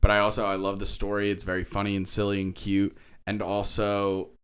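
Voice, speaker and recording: A man's voice: lowish voice, completely flat delivery, a little fast, fairly bright tone, clean tone. A man co-hosting a podcast in loose casual chat, rambling with lots of fillers and restarts and casual swearing. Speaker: podcast co-host.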